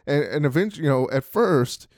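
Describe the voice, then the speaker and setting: A man's voice: fairly high pitch, animated, fairly quick, a little mellow, no echo, studio quality. Casual, filler-heavy motivational man. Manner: conversational, heavy use of "you know" fillers. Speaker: sales team leader.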